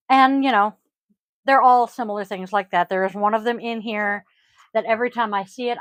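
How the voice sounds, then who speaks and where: Her voice is on the high side and a bit bright as she hosts a laid-back podcast as a yoga teacher, rambling with plenty of ums and throat-clearing. A close microphone at home captures her with no echo, though the audio is poor.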